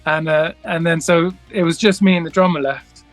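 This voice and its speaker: A man's voice: on the high side, steady tone, normal speed, no room sound, faint music behind. Rambling man telling a story. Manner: rambling, many restarts and fillers, acts out quoted dialogue. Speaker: guest musician. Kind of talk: casual storytelling interview.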